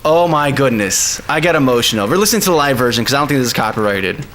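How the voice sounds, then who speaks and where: A man's voice: medium pitch, lively intonation, quick pace, a bit bright. A man streaming live and chatting casually, laughing often and calling people man and dude. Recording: faint music behind.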